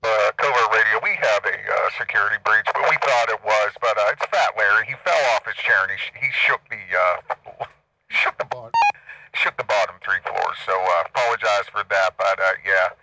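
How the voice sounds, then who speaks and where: A crude, joking male building security guard, put on by a man, who calls in a report about a mishap. He speaks in a low voice and keeps the tone casual and jokey throughout. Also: moderate pace, gravelly, poor audio.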